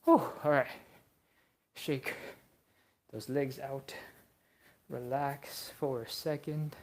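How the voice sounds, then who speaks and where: A young adult stretching instructor leading a live class, coaching casually and counting reps between breathy exhales. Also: medium pitch, fairly even intonation, slow pace, darkish tone.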